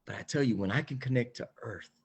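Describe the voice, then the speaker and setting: A man giving an energetic, emphatic motivational talk as a guest, repeating phrases for effect. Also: medium pitch, quick pace, husky. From Mexican heritage.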